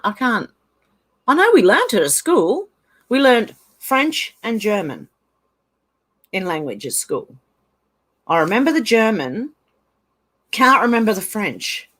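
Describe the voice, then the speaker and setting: Her voice sits at a medium pitch, slightly bright with a breathy edge. She's a channel host, born in Ireland and raised in Australia with an Australian accent, casually chatting on a livestream and laughing a lot as she reads viewer comments aloud.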